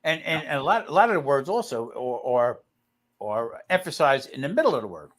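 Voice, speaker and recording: A man of middle pitch with a very lively, swinging intonation tells jokey stories as a guest cook. The setting is a casual live video chat, and his voice comes across as video-call audio. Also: brisk. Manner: animated, jokey storyteller.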